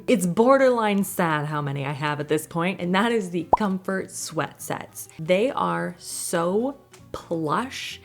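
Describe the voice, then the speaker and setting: A woman casually talking through products she uses at home in a chatty, rambling way, laughing often between thoughts. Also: mid-range voice. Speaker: lifestyle vlogger.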